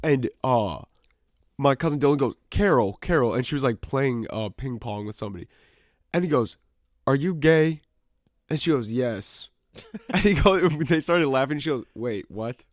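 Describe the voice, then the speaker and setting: A man co-hosting a podcast who rambles through long stories and swears freely. His voice sits at an ordinary middle pitch. The studio mic sound is close and dry. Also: lively intonation, normal speed, no echo. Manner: swears a lot, rambling storytelling. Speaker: podcast co-host. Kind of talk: casual podcast chat. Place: small studio.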